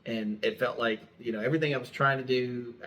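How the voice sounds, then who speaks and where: A man's voice: medium pitch, steady tone, brisk, a bit bright, a little hiss or hum. A middle-aged man, a pastor co-hosting a podcast, telling stories in a plain, straightforward way and laughing easily. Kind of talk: casual chat.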